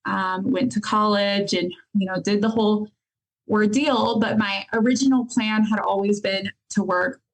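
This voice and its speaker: Female therapist guest, mid-pitched, calm and reflective, on a video call. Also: measured pace, poor audio. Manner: thoughtful, calm, with soft laughs and "um"s. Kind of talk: interview answer.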